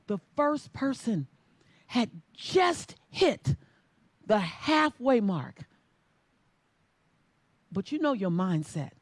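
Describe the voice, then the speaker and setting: A woman's voice: high voice, no room sound. A woman giving an inspirational stage talk, telling a story and leading the audience in chanted call-and-response like a preacher. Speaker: motivational speaker.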